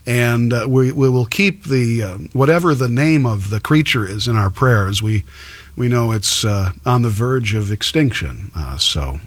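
A radio talk show host, male, chats casually and spins stories, restarting his sentences often. His mid-range voice sounds animated yet unhurried, with no room sound in the recording.

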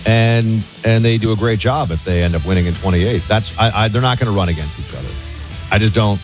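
A man's voice: on the low side, a little fast, over music. A man hosting a call-in radio show, casual and blunt, repeating his points. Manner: casual, dismissive, repeats himself. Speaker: radio talk host.

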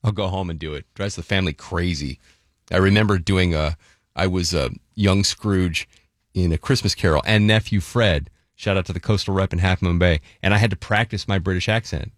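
A man hosts a morning radio show in a playful, chatty way full of quick asides. His voice sits low. The studio mic sounds dry and close. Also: no room sound. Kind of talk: casual radio chat. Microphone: studio microphone.

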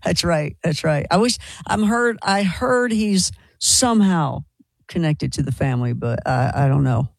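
A man's voice: a little high, lively intonation, measured pace, creaky, dry recording. A man with a slight Kentucky accent hosting a call-in radio show, chatty and enthusiastic, often repeating himself. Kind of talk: casual call-in radio chat.

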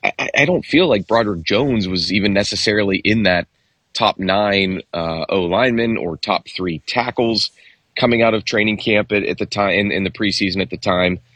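Low husky-voiced man talking football. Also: a bit bright, no room sound. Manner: halting, many restarts and fillers. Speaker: sports radio co-host. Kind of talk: casual sports talk.

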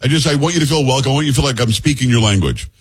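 A man's voice: medium pitch, rapid-fire, breathy edge. A man hosting a radio talk show from a studio, rambling and joking in teasing banter with his co-host. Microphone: studio microphone.

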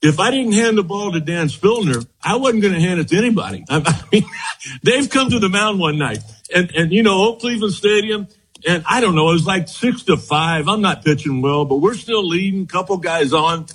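An older man with a husky, slightly breathy voice that sits a little high for a man. He tells his stories with lots of energy, laughs often and keeps saying "as you know" to his host. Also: expressive, fairly quick, a bit bright, rough recording. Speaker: former baseball pitcher, guest. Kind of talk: reminiscing storytelling.

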